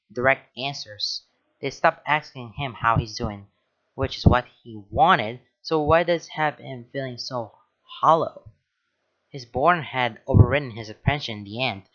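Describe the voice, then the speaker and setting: A man's voice: medium pitch, a bit bright. A man reading fan fiction aloud, adding casual, hesitant asides. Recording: dull lo-fi recording.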